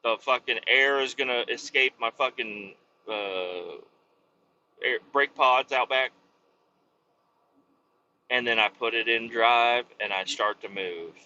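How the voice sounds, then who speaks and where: A man's voice: medium pitch, slow pace, pauses often, sharp tone. A man hosting a podcast, casually telling a rambling, profane story about his work as a truck driver. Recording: dull lo-fi with faint noise.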